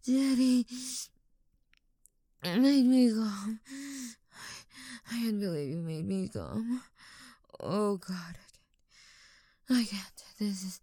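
A woman playing a breathy, pleading young woman. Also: on the high side, no echo, clean studio sound. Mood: distraught.

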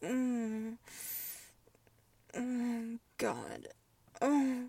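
A woman in an intimate whispered role-play, breathy and drifting between hushed whispers and soft moans. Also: on the high side, drawn-out words, dry recording, far from the mic. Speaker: audio role-play performer.

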